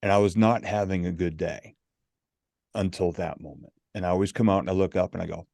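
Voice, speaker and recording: A middle-aged man telling stories as a podcast guest, animated and acting out the lines of people he quotes. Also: low voice, a little fast, gravelly, no echo, clean studio sound. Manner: animated, acts out quoted dialogue. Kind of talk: storytelling in a podcast interview.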